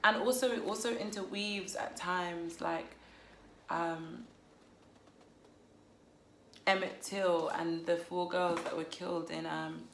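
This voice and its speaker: A woman chats casually about a novel she loved, playful and amused at her own jokes. Her voice sits fairly low for a woman. The room adds a noticeable echo around her. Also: steady tone, slow, pauses often, fairly bright tone, slight background noise. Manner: chatty, playful, laughs at herself. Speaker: book vlogger. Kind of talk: casual book review. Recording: roomy echo.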